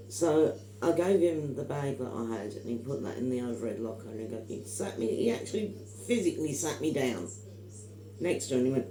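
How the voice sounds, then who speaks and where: Middle-aged woman, emphatic storyteller, mellow tone, echoey room. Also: sits low, very animated, a little fast, a little hiss or hum. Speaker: vlogger. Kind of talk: casual chat.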